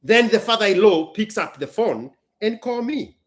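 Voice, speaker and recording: A man's voice: high voice, animated, moderate pace. A man, a business owner hosting a casual chat, telling a story emphatically and bluntly. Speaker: business owner and show host.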